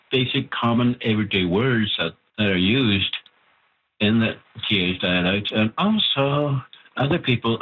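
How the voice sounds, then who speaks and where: Soft-spoken man explaining over a phone line. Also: lowish voice, husky. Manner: measured, explanatory, with pauses and fillers. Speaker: Cree language author. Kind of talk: interview answers.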